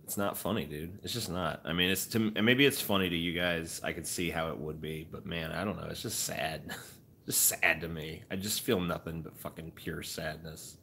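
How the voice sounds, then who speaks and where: A man streaming casually, rambling with profane, deadpan musings. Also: sits low, moderate pace, gravelly, slight background noise. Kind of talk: casual chat.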